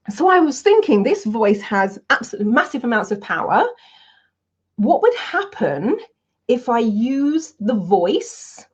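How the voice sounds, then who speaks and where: A woman's voice: a little high, slightly rough, highs cut off. A woman, a coach telling candid personal stories on a webinar. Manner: lively, candid, anecdotal. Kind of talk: webinar storytelling.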